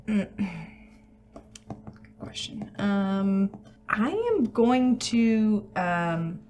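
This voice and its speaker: A woman playing a tabletop role-playing game, talking hesitantly with many pauses and fillers. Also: medium pitch, very animated, darkish tone. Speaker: player.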